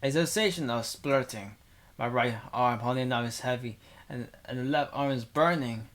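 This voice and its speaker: A man's voice: mid-range voice, normal speed, a bit bright. Young man reading a visual novel aloud. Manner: casual, rambling asides with fillers. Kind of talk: reading game text aloud with casual asides. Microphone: desk microphone.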